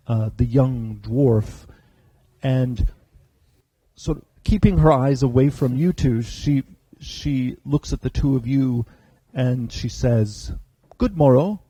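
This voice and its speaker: A man's voice: mid-range voice, dark tone, no room sound, low-quality recording. A man narrating a tabletop game as game master, hesitant, with many filler sounds, on a convention stage.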